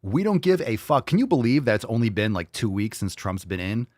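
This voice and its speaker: A man's voice: fairly low pitch, big pitch swings, a little fast, a little mellow, no echo, studio quality. A man hosting a podcast, reacting to clips with mocking, profane, ranting political commentary. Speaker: podcast host.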